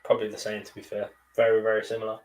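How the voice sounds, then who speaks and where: A man's voice: fairly low pitch, completely flat delivery, racing, darkish tone, recorded from a distance. A man co-hosting a live football fan show, chatting casually and teasing his co-host. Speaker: podcast co-host.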